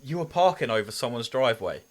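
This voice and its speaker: A man's voice: mid-range voice, expressive, fast. A man, co-hosting a casual podcast, teasing his friend and telling his own stories with dry jokes and swearing. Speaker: podcast co-host. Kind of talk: casual chat.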